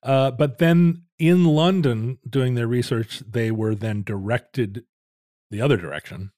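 Man, middle-aged, anecdotal storyteller, deadpan jokes, dry close sound. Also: medium pitch, a little slow, no echo. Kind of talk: casual chat, storytelling.

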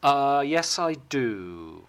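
A man being interviewed, chatting casually and telling animated stories about his work. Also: medium pitch, drawn-out words, smooth. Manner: animated, lively storytelling, puts on voices. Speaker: guest filmmaker.

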